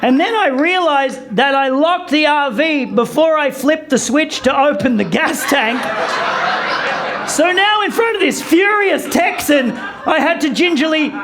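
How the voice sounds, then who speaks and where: A man doing stand-up, telling a story in an animated way with rants, swearing and shouted punchlines in a comedy club. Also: extremely high pitch, a little slow, noisy background. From from abroad, not American. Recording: comedy club with loud audience laughter.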